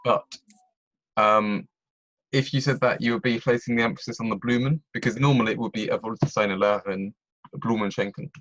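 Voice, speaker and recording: Male tutor, low voice, patient explainer, dry dull call audio. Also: fairly even intonation, brisk, a bit bright, dry recording. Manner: patient, explains step by step with frequent checks. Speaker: German tutor. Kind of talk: online tutoring lesson.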